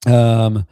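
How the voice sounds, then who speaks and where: A man hosting a casual chat show from home, talking in halting bursts with many restarts and fillers, swearing freely. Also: medium pitch, gravelly, mellow, no echo, clean studio sound. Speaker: podcast host.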